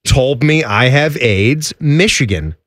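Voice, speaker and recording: A man co-hosting a sports radio show, bantering in a jokey, quick way. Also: medium pitch, very noisy. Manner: jokey, animated, quick asides. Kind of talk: casual banter.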